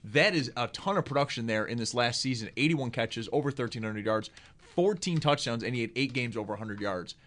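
A man co-hosting a football draft broadcast, trading opinions in loose, casual sports chatter. He talks in quick bursts and often trips over himself before landing his point. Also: medium pitch, lively intonation, a bit bright. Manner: quick, opinionated, restarts a lot. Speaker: co-host of a draft show.

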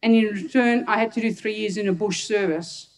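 A woman's voice: mid-range voice, steady tone, brisk, far from the mic. Laughing woman telling stories from afar. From Hungary. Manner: laughs often while telling anecdotes. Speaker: doctor. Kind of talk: personal storytelling talk to an audience.

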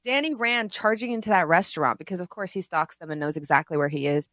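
A woman's voice: on the low side, fast, fairly bright tone, no echo, studio quality. A woman co-hosting a podcast in casual chat, ranting profanely and exasperated. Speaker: podcast co-host.

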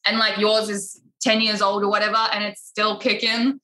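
Bright, chatty woman. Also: mid-range voice, moderate pace, rough recording. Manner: chatty, animated, lots of fillers. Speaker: wedding photographer, podcast guest. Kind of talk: casual podcast chat.

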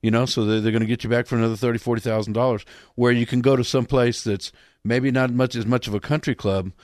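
A man's voice: mid-range voice, steady tone, fast, darkish tone, dry recording. A man hosting a casual interview, talkative and given to preachy asides. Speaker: interview host for a rescue mission.

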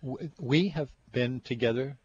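A man's voice: medium pitch, unhurried. An older man chatting casually about food, teasing and repeating his partner's words back. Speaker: co-host. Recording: dull lo-fi with faint room noise.

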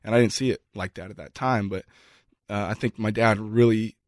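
A man with a lowish voice speaks earnestly and at length, pausing and restarting his sentences as he tells a personal story. The sound is close and dry, with no room around it. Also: steady tone, a little mellow, no echo. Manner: earnest, halting with repeated restarts. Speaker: guest. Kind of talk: reflective storytelling in conversation.

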